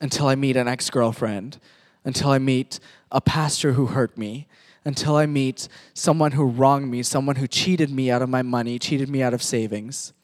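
A man's voice: medium pitch, steady tone, normal speed, few pauses. A man from Pakistan, a pastor, animatedly narrating a sermon skit and directing volunteer actors.

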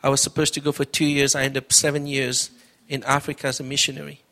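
A man's voice: medium pitch, completely flat delivery, fast talker, sharp tone. A middle-aged man preaching as a pastor, telling his testimony in an earnest, conversational way, often repeating words. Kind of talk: testimony sermon.

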